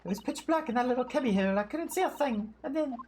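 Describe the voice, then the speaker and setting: A man voicing a tough teenage Cockney street girl who comes out sounding like a middle-aged woman, in rough slangy speech. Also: extremely high pitch, expressive, fast talker, a little mellow, slight background noise, pitched above the performer's own voice. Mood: frightened. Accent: put-on Cockney. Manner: rough slangy telling with dropped grammar. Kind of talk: game dialogue read aloud on a stream.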